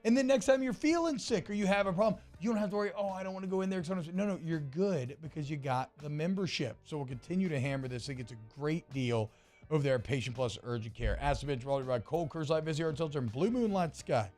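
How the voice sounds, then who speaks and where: A man, co-hosting a sports radio show, chatting casually and reading ads with energetic, salesy slang. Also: on the high side, fast talker, faint music behind. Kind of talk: casual sports talk and live ad reads.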